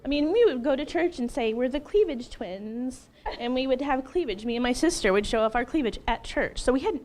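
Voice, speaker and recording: Fast and high-pitched, a woman in her thirties tells her own story as an interview guest, earnest and full of energy. Every so often she laughs between lines.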